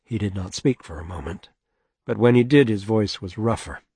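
A man reads a novel aloud in a measured, even manner, with a husky voice. The recording is dry and close, with no room sound. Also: on the low side, no room sound. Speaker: audiobook narrator. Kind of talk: scripted narration.

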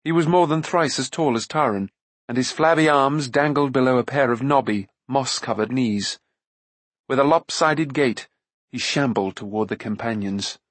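Male audiobook narrator, husky, expressive reading, dry studio sound. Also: medium pitch, no echo. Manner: expressive, measured storytelling. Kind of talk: scripted narration of a fantasy novel.

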